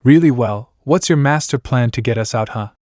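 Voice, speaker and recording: A man's voice: mid-range voice, normal speed, no room sound, clean studio sound, lightly acted. A man reading the part of a newly arrived boy who is impatient and sarcastic. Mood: demanding. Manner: demanding, sarcastic.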